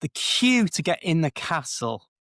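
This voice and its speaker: A man's voice: on the high side, very animated, a little slow, a bit bright, dry recording, studio quality. A man with a Liverpool accent, an English teacher and co-host, telling stories in a casual, self-deprecating way. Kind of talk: casual conversation, storytelling.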